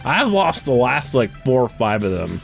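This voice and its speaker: A man's voice: medium pitch, sing-song, normal speed, gravelly, soft background music. Foul-mouthed, fed-up young male gamer. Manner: frustrated, swearing, ranting. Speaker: gaming streamer. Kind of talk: gameplay commentary.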